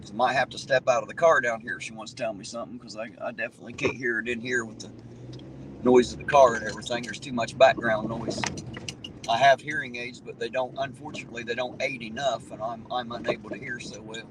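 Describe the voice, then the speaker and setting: A man talks in a loose, folksy ramble, his voice sitting at an ordinary middle pitch. He is chatting on a livestream from inside a moving car and reading out viewer comments. Clear road and engine noise runs under everything he says. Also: steady tone, quick pace. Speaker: livestream host reading chat. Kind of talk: casual chat. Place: inside a car while driving.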